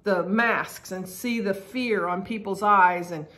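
A middle-aged woman leads a daily Bible study, reading scripture aloud and then reflecting on it. Her delivery is earnest and emphatic, and she sometimes spells out a word letter by letter to stress it. Her voice sits at an ordinary middle pitch. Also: takes it slowly, a bit bright.

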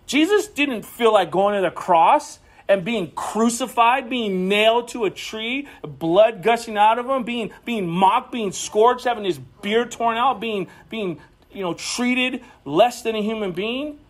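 A man's voice: sits high, unhurried. A man preaching a sermon in church, telling stories conversationally, often repeating words and rising to emphatic peaks. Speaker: pastor.

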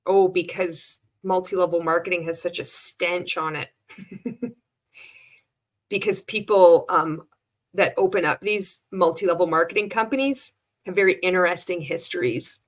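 A woman's voice: fairly low pitch, unhurried. A woman commenting on a sales video, sarcastic and blunt, swearing freely. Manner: sarcastic, blunt, swears often, laughs between remarks. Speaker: commentator reacting to a sales pitch. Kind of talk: casual commentary.

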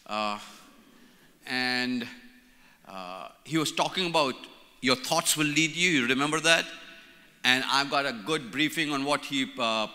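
In a large conference hall with a reverberant sound, an Indian man in his sixties with an Indian accent delivers a playful church leadership talk. His mid-range voice is bright and forceful, and he repeats key words to drive points home.

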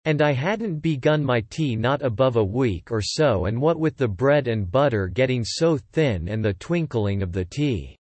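A man's voice: mid-range voice, animated, moderate pace, hardly any pauses, a little mellow, no echo, natural voice. A man doing a trembling, nervous hatter. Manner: shaky, pleading.

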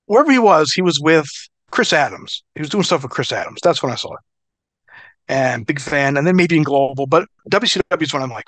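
Man, middle-aged, fairly high voice, dry close sound, swearing, lively storytelling. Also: moderate pace, no echo. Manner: profane, animated, laughs through stories. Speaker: interview guest, former pro wrestler. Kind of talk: casual storytelling interview.

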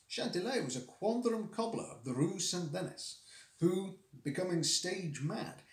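A man reads a classic story aloud on a live stream, his voice a bit high and full of movement. He reads expressively and now and then trips over a difficult word. The recording has a roomy echo. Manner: expressive reading, stumbles over hard words.

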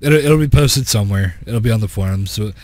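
Low-voiced man telling a rambling story. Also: brisk, darkish tone, no room sound. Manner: rambling, laughs often while telling a story. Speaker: podcast host. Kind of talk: casual storytelling chat.

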